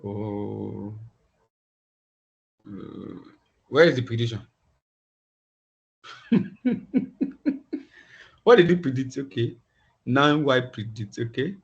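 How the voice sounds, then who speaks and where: A man teaching a class online, talking in halting phrases and often repeating words as he thinks aloud. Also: mid-range voice, gravelly. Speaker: instructor. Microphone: video call. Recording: dull lo-fi video call audio.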